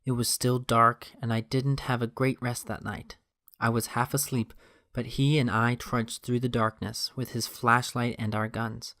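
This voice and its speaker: A man reading a quiet, gentle grown man's lines in a subdued, soft tone, with little change from his own voice. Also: medium pitch, flat delivery, unhurried, no room sound, clean studio sound. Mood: reminiscing.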